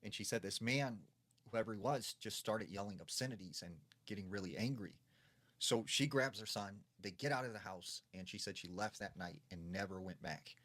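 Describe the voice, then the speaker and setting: A man's voice: fairly low pitch, normal speed, fairly bright tone. A man telling a ghost story in a casual, conversational way, full of fillers.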